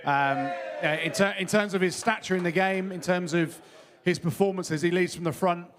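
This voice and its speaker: A man's voice: high voice, steady tone, normal speed, background noise. A man who is a rugby pundit on a live panel, joking with colleagues before answering questions.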